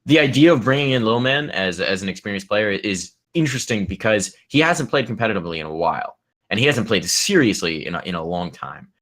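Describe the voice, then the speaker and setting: A deep-voiced man co-hosting a gaming podcast from home over a desk mic. He talks in a loose, rambling way, trailing off and circling back to his point. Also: expressive, fast talker, a bit bright. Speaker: podcast co-host. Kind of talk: casual podcast chat.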